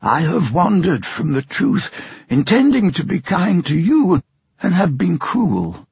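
A man's voice: sits high, wildly swooping pitch, takes it slowly, gravelly, breathy edge, pitched above the performer's own voice, full character voice. A man doing a timid, remorseful old father. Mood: pleading. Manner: gentle, anxious, pleading. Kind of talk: audiobook reading. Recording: dull lo-fi sound.

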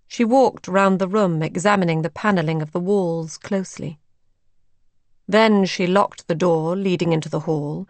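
Slow, gravelly woman narrator. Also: mid-range voice, no echo. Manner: measured, even storytelling. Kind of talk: scripted narration of a story.

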